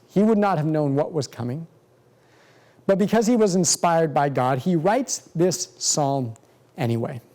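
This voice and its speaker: A man teaching from the Bible in a measured, earnest sermon style, slowing down to stress key words. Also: a little high, mellow. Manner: measured, earnest, slows for emphasis. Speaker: pastor.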